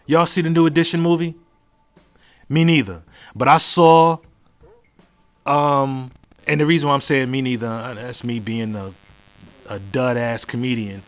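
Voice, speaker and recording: A man's voice: medium pitch, steady tone, unhurried, pauses often, clear, resonant tone, faint music behind. A man hosting his own podcast in a blunt, profane solo monologue full of rhetorical questions. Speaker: podcast host.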